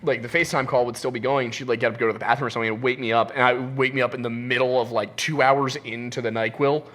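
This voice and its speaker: A man's voice: mid-range voice, fairly even intonation, racing, fairly bright tone. A man co-hosting a podcast in casual chat, teasing his guests, then telling his own rambling story full of fillers.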